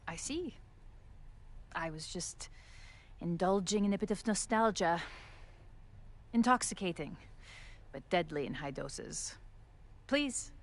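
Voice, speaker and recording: A theatrical, cryptic schemer. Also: female voice, fairly low pitch, expressive. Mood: wistful. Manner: theatrical, with a deliberate put-on accent. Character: theatrical, mysterious woman, wistful and cryptic. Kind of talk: video game voice acting.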